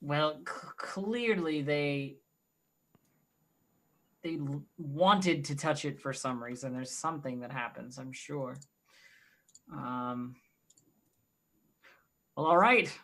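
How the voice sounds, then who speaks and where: A woman's voice: low-pitched, takes it slowly, long pauses, a bit bright. A woman playing a tabletop game, musing aloud and speaking for her character. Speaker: player. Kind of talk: tabletop role-play.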